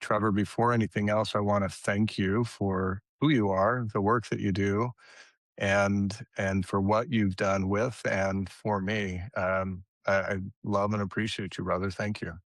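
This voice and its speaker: Male podcast host, earnest and sincere, lower voice. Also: little pitch movement, a little slow, no echo. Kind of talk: interview.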